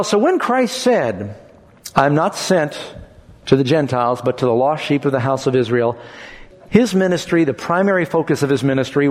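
A man preaching a sermon, expressive, acting out quoted lines in changing tones. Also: fairly high pitch. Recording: long hall reverb.

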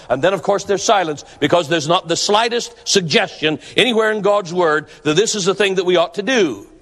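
A man's voice: sits high, fairly bright tone. A man preaching a sermon in an earnest, emphatic way, often repeating words for stress. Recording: long hall reverb.

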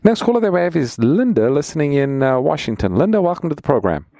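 Lively gravelly radio co-host pastor. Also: male voice, on the high side, fast talker, no echo, clean studio sound. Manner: upbeat announcer delivery. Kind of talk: call-in radio hosting.

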